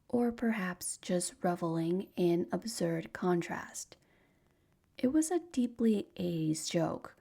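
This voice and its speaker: A woman tells a sleep story in whispered role-play, her breathy voice barely above air. She speaks very slowly with a gravelly edge, and her tone sits low, mellow and dark. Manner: slow soft whispered storytelling.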